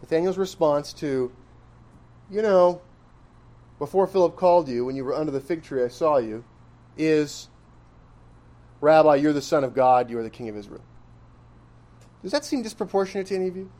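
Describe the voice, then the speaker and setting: A man's voice: fairly high pitch, moderate pace, long pauses, mellow. A man preaching an expository sermon in a conversational style, questioning his listeners and pressing points with emphatic rises. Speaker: pastor.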